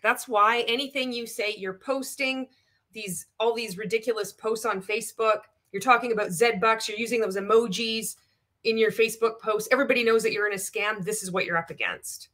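A woman's voice: on the high side, moderate pace, a bit bright. Exasperated woman doing reaction commentary. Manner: exasperated, sardonic, reads comments aloud. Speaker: anti-MLM commentator.

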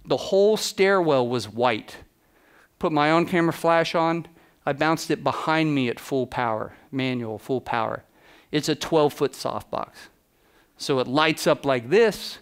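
A man speaking on a conference stage, spinning quick anecdotes and playing out both sides of each exchange. His voice is smooth and clear at an ordinary middle pitch, with an easy storytelling rhythm. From United States. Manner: lively anecdotes, acting out quoted exchanges. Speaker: photographer giving a keynote. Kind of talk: storytelling keynote talk.

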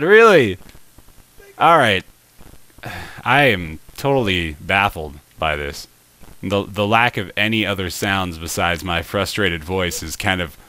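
A young man giving let's play commentary, excitable and talking to the game, with frustrated exclamations and laughs. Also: fairly low pitch, dry recording. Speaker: gameplay commentator.

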